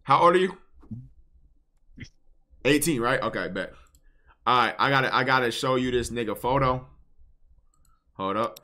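A man's voice: medium pitch, normal speed, pauses often, pushed and bright. A young man hosting a live stream, bantering loosely with callers and chat in heavy slang.

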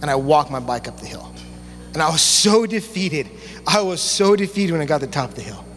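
A young man preaching a sermon as youth pastor, telling stories in a casual, animated way with relaxed slang. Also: a little high, fairly quick, soft background music. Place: church sanctuary. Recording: long church hall reverb, faint hum.

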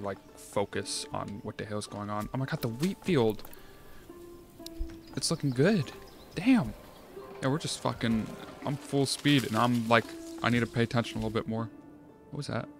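A man giving casual let's-play commentary, thinking aloud, swearing often and getting excited. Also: on the low side, moderate pace, vocal fry. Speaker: gameplay streamer. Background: game music.

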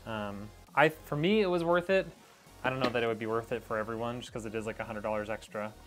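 Over background music, a man with a medium-pitched voice talks at a quick pace, rambling and chatting with viewers he calls "y'all." He's building a PC on a casual live stream, a little out of breath and speaking into a wireless clip-on mic.

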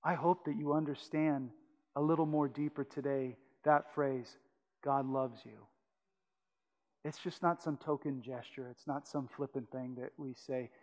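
A man preaching a sermon as pastor, swinging from loud urgent pleading to hushed, intimate tones. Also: a little high, fairly even intonation, normal speed, big-room sound. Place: church sanctuary.

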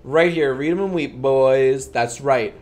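A young man streaming live in loose comedic banter, his voice sitting at an ordinary middle pitch. He swears nonstop and talks with playful mock bravado, sometimes loudly booing to heckle. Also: a little slow. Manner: loud heckling boos.

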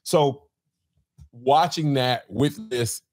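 A man's voice: mid-range voice, extremely slow. A man hosting a podcast, telling a story in casual chat and acting out the quotes. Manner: animated storyteller, acts out quotes. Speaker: podcast host.

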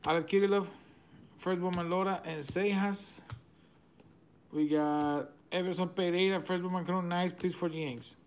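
Excited venezuelan man opening cards. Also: high-pitched, a little hiss or hum. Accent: Venezuelan Spanish. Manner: rapid-fire listing of cards, excitable, chuckling. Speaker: card break host. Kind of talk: live card-opening commentary.

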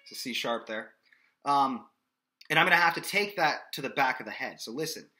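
A man's voice: mid-range voice, expressive, fairly quick, pushed and bright, soft background music. A man teaching a singing lesson in a casual, explanatory way, often checking in with "okay?". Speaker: vocal coach. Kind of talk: singing lesson with sung demonstrations.

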